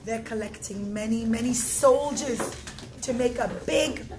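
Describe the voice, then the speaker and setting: A woman's voice: a little high, measured pace, natural voice. A woman voicing a rich man who pleads to stay, then plots revenge. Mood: scheming. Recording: echoey room with steady noise.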